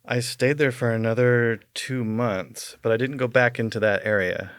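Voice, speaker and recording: A man's voice: medium pitch, fairly even intonation, normal speed, fairly bright tone, smooth, no room sound, clean studio sound. A man, a podcast guest, telling a long personal story in casual talk, rambling with many fillers and chuckling as he goes.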